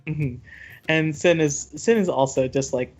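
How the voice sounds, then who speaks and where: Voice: mid-range voice, measured pace, faint music behind. A player chatting and laughing as they describe their character in a tabletop game.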